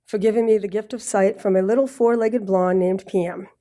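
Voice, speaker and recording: A woman with a Boston accent from Massachusetts giving a prepared speech at a graduation ceremony, a little nervous, clearing her throat now and then and dropping in joking asides. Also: mid-range voice, fairly even intonation, moderate pace, dark tone. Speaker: graduate speaker. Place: ceremony with live audience.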